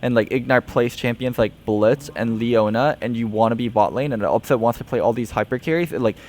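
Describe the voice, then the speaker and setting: A man joins a casual esports podcast conversation in a relaxed, lightly joking way. His voice sits in the middle range. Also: mid-range voice, brisk.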